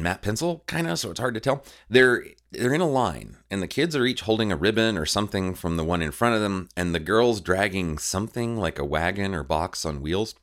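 Deep-voiced, lively wry male host. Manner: chatty, self-mocking and wry. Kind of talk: casual, ironic podcast hosting.

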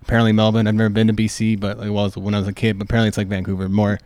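Fast-talking young man telling stories. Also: on the low side, smooth, no room sound. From Canada. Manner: animated storyteller, many "like" fillers, quick laughs. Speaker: podcast guest, fashion designer. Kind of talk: casual podcast chat, storytelling.

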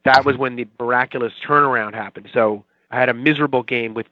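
A fast-talking TV writer in his forties from Watertown, near Boston, rambles in a casual interview chat as a guest, loose and self-mocking. His mid-range voice has fairly even intonation and no echo, sounding dry and close, but the audio is dull and muffled like a remote call.

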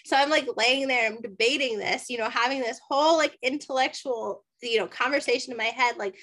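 A woman's voice: sits high, normal speed, hardly any pauses. A woman guest on a podcast telling a personal story in casual chat, acting out the dialogue and often saying "like". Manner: animated, acts out dialogue, many "like" fillers.

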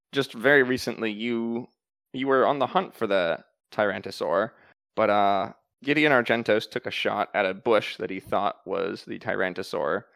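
A man running a tabletop game as game master, explaining rules and narrating in a calm, matter-of-fact way. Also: on the low side, vocal fry, no room sound.

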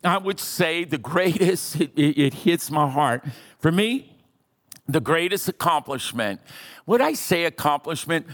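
A man's voice: a little high, lively intonation, measured pace, a bit bright. A man in his sixties preaching a sermon in a church auditorium, passionate and calling out to the congregation. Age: 60s. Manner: impassioned preaching with audience callouts. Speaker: pastor.

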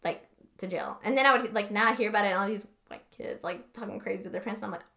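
A woman's voice: mid-range voice, racing, creaky, sharp tone. A young woman co-hosting a podcast in casual chat, rambling and swearing, often stopping to hunt for words. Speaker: podcast co-host.

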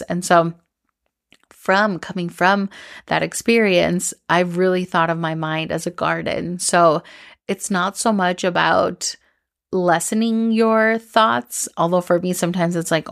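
A woman's voice: on the low side, steady tone, a little slow, vocal fry, no echo, clean studio sound. A young woman hosting a podcast, telling a personal story in a candid, rambling way with lots of "like" and restarts. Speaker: podcast host.

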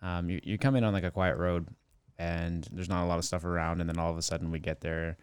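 A man with a very low, smooth and resonant voice talks quickly as a guest. He rambles through his stories with plenty of fillers, recorded close and dry. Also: little pitch movement, no echo. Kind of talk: casual chat.

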